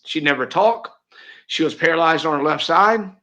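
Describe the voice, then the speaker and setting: A middle-aged real estate agent, appearing as an interview guest, tells a heartfelt personal story earnestly, restarting many times. His voice is a little high, bright and forceful, at normal speed.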